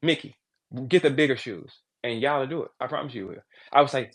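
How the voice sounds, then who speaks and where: A man ranting crudely and loudly in a casual talk, profane and joking. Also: mid-range voice, expressive, a little fast, creaky, breathy edge. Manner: loud, profane, jokey. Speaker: battle rapper on a live audio chat.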